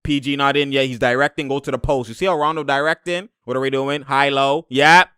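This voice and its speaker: A young man giving casual reaction commentary on basketball footage, excitable and slangy, laughing often and slipping into high mimicking voices. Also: a little fast, smooth, no echo, clean studio sound.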